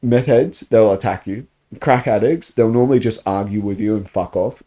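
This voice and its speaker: Australian male podcast co-host, low and mellow, swears freely, lively storyteller. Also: normal speed. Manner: animated storyteller, swears freely, laughs often. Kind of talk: casual chat.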